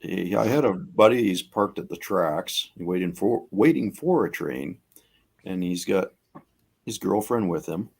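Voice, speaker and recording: A man's voice: deep voice, animated, a little slow, vocal fry, a little mellow, husky. A man co-hosting a casual podcast, telling a long story in a laid-back, rambling way. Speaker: podcast co-host.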